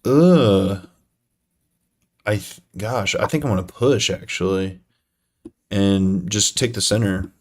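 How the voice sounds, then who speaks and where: Slow-talking young man streaming chess. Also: lowish voice. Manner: self-deprecating, muttering to himself, frequent fillers. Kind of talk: live-stream chess commentary.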